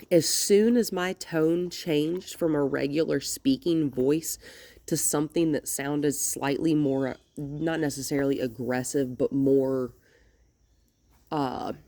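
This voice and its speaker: A woman's voice: deep voice, dark tone, no room sound. A woman dog trainer giving hands-on instruction, explaining plainly and switching to cheerful, coaxing talk with the dogs.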